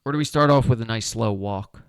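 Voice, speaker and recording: A man streams a solo board game playthrough, thinking out loud, counting moves, and casually asking viewers for their opinions, with the occasional swear. His lowish voice is smooth and a little quick, captured in clean studio quality with no echo.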